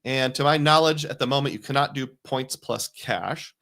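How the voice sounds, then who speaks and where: A man hosts a relaxed live stream and talks in a loose, rambling way. His voice is bright and forward, at a middle pitch for a man. He reads comments out loud and chats back with easy humor. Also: moderate pace, gravelly. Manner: rambling, reads viewer comments aloud and jokes along. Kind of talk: casual live stream chat.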